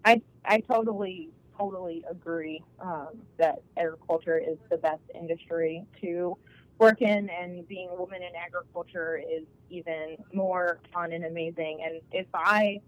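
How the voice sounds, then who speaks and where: An enthusiastic woman talks in a casual podcast chat, rambling happily with fillers. Her voice is on the low side. The call audio is dull and lo-fi. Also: steady tone, normal speed. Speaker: guest, agriculture academic.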